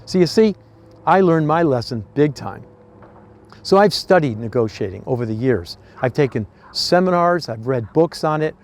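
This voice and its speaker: Older man, East Coast American accent, folksy advice host, voice sits a bit high. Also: animated, normal speed. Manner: folksy, earnest storytelling with restarts. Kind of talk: casual advice talk.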